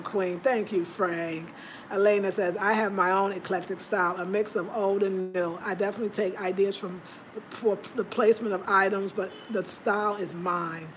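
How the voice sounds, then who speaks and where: A woman hosting a casual livestream from home, chatting and reading out viewer comments in an animated, talkative way. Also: mid-range voice, slight background noise. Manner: animated, chatty, breaks into laughter. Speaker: livestream host.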